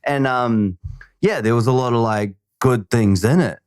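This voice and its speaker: A man's voice: mid-range voice, a little slow, smooth, no echo, studio quality. A man hosting a podcast, chatting loosely and enthusiastically, swearing freely. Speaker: podcast host. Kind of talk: casual chat.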